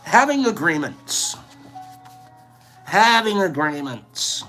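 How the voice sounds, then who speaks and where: A man chatting casually on his own stream in a high, bright voice that swings widely in pitch. He takes his time and rambles playfully, laughing easily. Soft music plays faintly behind him. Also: very animated, slow. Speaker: host. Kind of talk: casual livestream chat.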